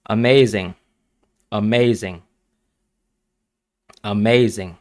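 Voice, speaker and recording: A man's voice: fairly low pitch, a little fast, pauses often, a bit bright, no echo. A man streaming live and reacting emotionally to a football match as he watches, talking to his viewers.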